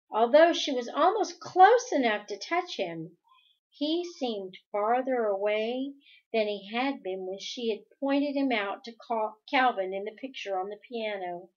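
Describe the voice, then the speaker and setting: A woman reading a novel aloud chapter by chapter, careful and expressive. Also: fairly high pitch, dull audio. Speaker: audiobook reader.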